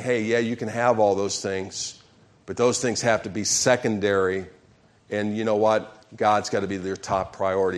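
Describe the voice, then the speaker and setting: A man preaching a sermon as pastor, leading call-and-response with his congregation and speaking emphatically. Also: lowish voice.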